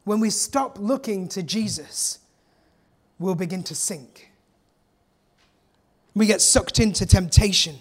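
An English pastor from England preaches an earnest, emphatic sermon in church, using dramatic pauses. His voice sits high.

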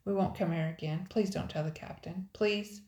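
A woman's voice: on the low side, fairly even intonation, brisk, darkish tone, lightly acted. A woman voicing a cautious, easily frightened young boy in a storybook reading, recorded in an echoey room. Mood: pleading.

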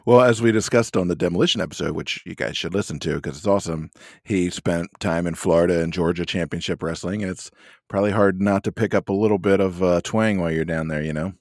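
A man's voice: deep voice, fast talker, a little mellow, no room sound, studio quality. A man co-hosting a casual podcast chat, rambling and joking with lots of hedges. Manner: rambling, hedging, jokey. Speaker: podcast co-host.

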